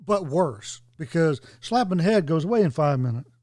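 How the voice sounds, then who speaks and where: A man's voice: a little high, expressive, normal speed, mellow, dry recording. Joking, rambling man on a dry mic. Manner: rambling, jokey, digressive storytelling. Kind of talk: casual podcast chat.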